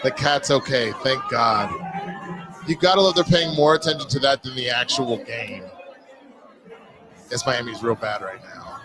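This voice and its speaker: A man streaming live, chatting casually with his viewers, reading their messages and reacting loudly to clips. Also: medium pitch, unhurried, pauses often, a crowd in the background, background noise. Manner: animated, reacts loudly to clips and reads chat.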